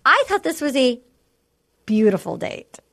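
Gushing chatty woman, slightly high voice. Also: sing-song, a little slow, creaky, a bit bright, no echo, studio quality. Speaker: podcast co-host. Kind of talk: casual chat recapping a dating show.

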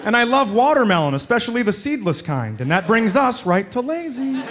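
A man's voice: very high voice, sing-song, a little fast, very noisy. A man doing a stand-up set in a comedy club, sarcastic and acting out voices. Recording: live club with loud crowd laughter. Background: audience laughter.

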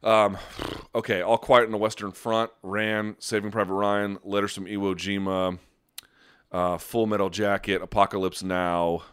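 A man hosting a podcast, telling stories and chatting casually with a rambling, profane, animated delivery. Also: fairly low pitch, unhurried, clean tone. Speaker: podcast host. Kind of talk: casual chat and storytelling.

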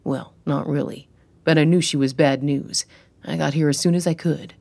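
A man's voice: a little high, fairly even intonation, moderate pace, gravelly, a little mellow, pitched below the performer's own voice. A narrator voicing a brash, wisecracking tough man who jokes during a fight. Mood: subdued. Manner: joking, blunt.

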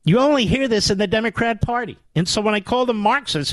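A man's voice: high-pitched, expressive, quick pace, dry recording. A man hosting a political talk radio show, combative and sarcastic.

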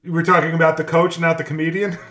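Bright high-voiced co-host, a man. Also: level tone, quick pace. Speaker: podcast co-host. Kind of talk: casual podcast banter. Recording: echoey room.

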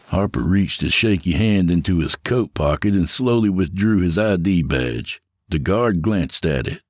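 A man narrating a dark horror story in a measured, scripted way. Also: low voice, expressive, dry recording.

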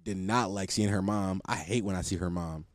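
A man's voice: low voice, normal speed, dry recording, studio quality. A young man telling a story in casual, profane, self-mocking slang to his listeners.

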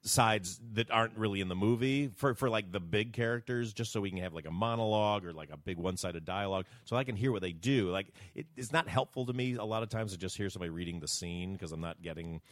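A man chatting casually as a podcast guest, animated and quick to restart his sentences. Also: on the low side, no room sound, studio quality. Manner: animated, chatty, self-correcting.

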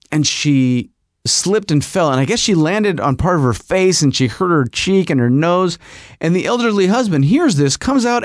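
A man's voice: fairly high pitch, no room sound, clean studio sound. A middle-aged man hosting a podcast, telling a rambling comic story and putting on voices. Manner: rambling, animated, puts on voices. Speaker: podcast host.

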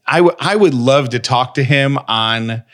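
A man's voice: mid-range voice, unhurried, a bit bright. A man co-hosting a podcast, chatting casually and reading an ad in an upbeat, conversational way. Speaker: podcast co-host. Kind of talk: casual chat and read ad.

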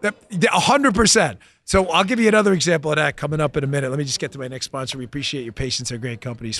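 Excitable laughing male talk host. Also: fairly high pitch, very fast, hardly any pauses, no room sound. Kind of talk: political talk show monologue.

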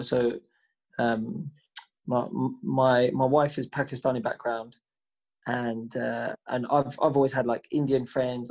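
A man co-hosting a podcast, chatting casually and telling an animated story, swearing freely and acting out the voices of people he quotes. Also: mid-range voice, vocal fry. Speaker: podcast co-host. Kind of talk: casual chat.

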